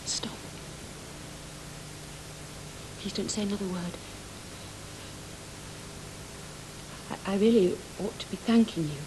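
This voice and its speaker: An actress playing a proud, mocking young woman in mourning who swings between hushed and sharp speech in a 1980 television stage drama. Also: mid-range voice, fast talker, natural voice. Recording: hissy old tape recording.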